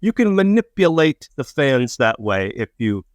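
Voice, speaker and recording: A middle-aged man, a comedian, casually telling drinking stories, swearing and self-mocking, acting out quotes with sudden high voices. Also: sing-song, moderate pace, dry recording. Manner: swearing, self-mocking, acts out quotes with big pitch jumps. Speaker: podcast co-host, comedian. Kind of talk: casual storytelling chat.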